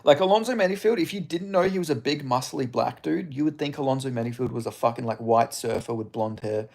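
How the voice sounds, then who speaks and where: A man's voice: mid-range voice, fast talker, creaky, a little mellow. A young Australian man streaming, chatting casually with viewers in a sweary, rambling way. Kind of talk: casual live-stream chat.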